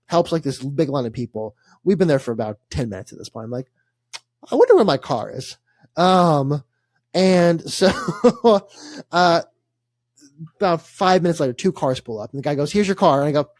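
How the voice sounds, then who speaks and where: A man's voice: on the high side, lively intonation, a little fast, darkish tone, no room sound. A young man, co-hosting a casual sports podcast and telling a rambling story full of laughs and fillers. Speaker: podcast co-host.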